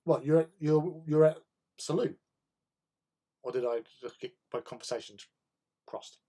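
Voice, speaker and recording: A man's voice: on the high side, a little slow, warm tone. Rambling man chatting casually. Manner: rambling, laughs often. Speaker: host of a hobby livestream. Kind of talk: casual chat with viewers.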